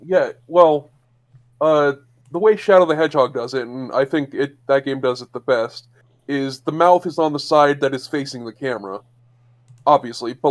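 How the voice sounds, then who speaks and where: Hesitant, analytical man in casual chat. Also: medium pitch. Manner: hesitant and analytical, with frequent fillers and restarts. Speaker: podcast co-host.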